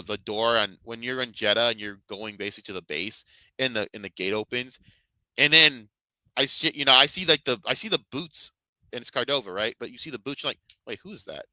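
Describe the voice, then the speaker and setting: A man's voice: mid-range voice, sharp tone, smooth, dry recording, poor audio. A man reviewing games and shows in casual commentary, rambling and fervent, swearing heavily. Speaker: video game and Star Wars reviewer.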